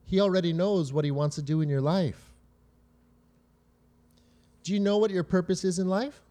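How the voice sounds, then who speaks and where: A man's voice: sits high, normal speed, dark tone. A man preaching a conversational sermon, often checking in with "right?" and "you know?" and drawing on his own family stories. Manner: tells personal family stories to make points.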